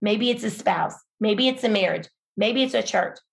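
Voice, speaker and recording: A woman's voice: mid-range voice, moderate pace, vocal fry. A middle-aged woman, a pastor's wife, telling her story in an earnest, emphatic, encouraging way on a faith podcast. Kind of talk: faith-based podcast conversation.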